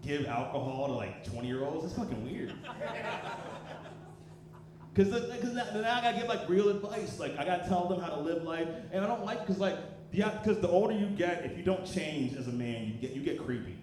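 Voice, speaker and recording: A man in his thirties performing a profane, animated stand-up comedy set on a club stage. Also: fairly high pitch, brisk, slight background noise. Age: 30s. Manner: animated, profane, loud punchlines. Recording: roomy live club recording with crowd. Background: audience laughter.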